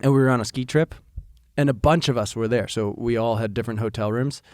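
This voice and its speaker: A man's voice: mid-range voice, fast, a little mellow, no echo, studio quality. A man co-hosting a podcast, telling a story in a chatty, casual way and swearing freely. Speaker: podcast co-host. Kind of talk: casual chat.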